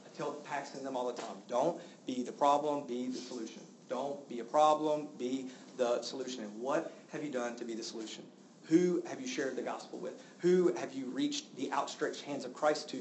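A man preaching a sermon as a pastor, getting loud and exclaiming when indignant. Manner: animated, exclaiming with rising pitch when indignant. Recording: roomy with faint background noise.

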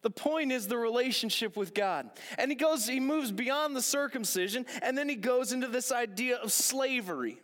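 A man's voice: extremely high pitch, moderate pace, few pauses, fairly bright tone. A man preaching a sermon as a pastor, earnest, repeating phrases for emphasis and asking rhetorical questions. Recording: long echoing hall reverb.

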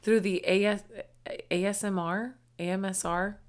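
A woman's voice: medium pitch, fairly even intonation, clear, resonant tone. A woman co-hosting a podcast, chatting casually, asking questions and chiming in. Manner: chatty, asks questions, quick interjections. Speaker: podcast co-host. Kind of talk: casual chat.

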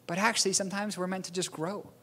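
A young man preaching a sermon, telling a story with earnest warmth and laughing at himself now and then. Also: high voice, steady tone, fast, in a large hall. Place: church auditorium.

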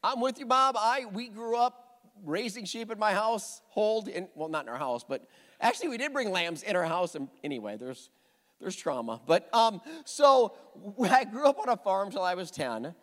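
Male pastor, animated storytelling, high voice, swooping delivery, big reverberant church hall. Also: normal speed. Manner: storytelling, animated, self-deprecating humor. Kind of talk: sermon. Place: church sanctuary with a congregation.

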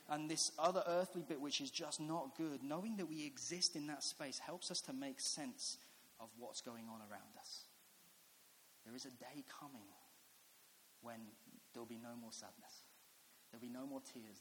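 A man, preaching a sermon in a chatty storytelling way that builds to earnest reflection. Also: medium pitch. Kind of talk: sermon with personal stories. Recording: echoey hall with faint hiss.

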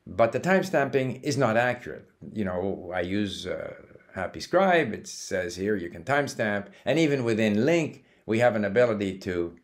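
Man, fairly low voice, casual musing monologue, fillers, restarts. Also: lively intonation, moderate pace. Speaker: language-learning app founder.

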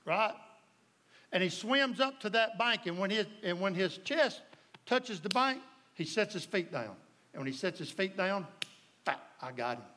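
Folksy Southern preacher, bright high voice. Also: male voice, lively intonation, a little slow. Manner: folksy, storytelling, addresses the congregation directly. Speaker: pastor. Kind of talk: sermon.

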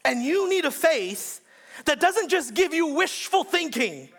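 A male pastor preaching a sermon in an emphatic style, repeating phrases and swinging between shouts and hushed lines. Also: very high voice, very animated, measured pace.

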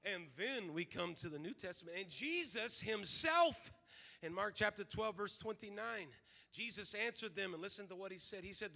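A man preaching a sermon, shifting between shouted exhortation and quiet scripture reading. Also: sits high, expressive, moderate pace, creaky.

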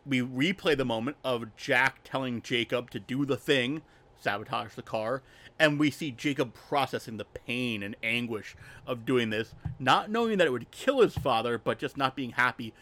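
A man's voice: medium pitch, sharp tone. A man co-hosting a podcast in a casual, rambling manner, full of "like"s and jokes. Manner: rambling, filler-heavy, joking recap. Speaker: podcast co-host. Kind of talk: casual chat.

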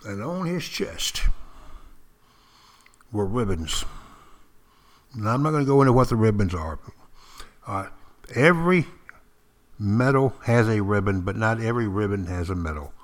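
An older man, a former Marine, telling stories in a folksy way with dramatic pauses, speaking directly to his listeners. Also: fairly low pitch, expressive. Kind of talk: spoken storytelling to listeners.

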